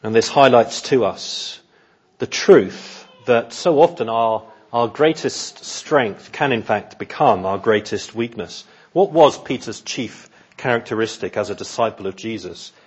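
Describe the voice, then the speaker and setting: A man preaching an expository sermon in an earnest, measured way, often repeating words as he thinks. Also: mid-range voice, breathy edge.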